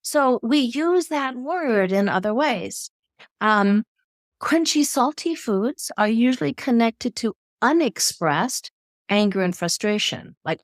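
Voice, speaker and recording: A woman guest on a podcast interview who explains her ideas in an expressive, storytelling way. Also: fairly high pitch, slow, no room sound, studio quality. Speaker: podcast guest, eating expert. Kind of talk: conversational explanation.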